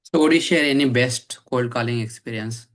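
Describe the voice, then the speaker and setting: A man's voice: medium pitch, normal speed, a bit bright. A man hosting a podcast, asking brief polite interview questions. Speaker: podcast host.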